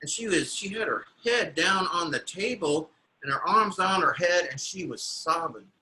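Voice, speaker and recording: A man's voice: high-pitched, animated, moderate pace, bright, forceful tone, full character voice, low-quality recording. A man voicing a proud, meticulous young train conductor in a live told story, in an earnest first-person telling. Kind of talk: storytelling performance.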